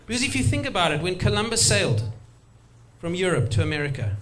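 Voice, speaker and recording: Guy doing standup, high voice, keeps cracking himself up. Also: sing-song, quick pace, a bit bright, a little hiss or hum. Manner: chatty, self-amused, laughs at own jokes. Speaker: stand-up comedian. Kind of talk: stand-up comedy set. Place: stage at a live comedy show.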